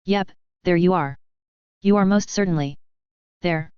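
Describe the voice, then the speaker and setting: A woman's voice: lowish voice, unhurried, smooth, dry recording, natural voice. A woman voicing a wry, laid-back male factory owner who speaks with dry sarcasm, in a dull lo-fi recording. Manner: dry, sardonic.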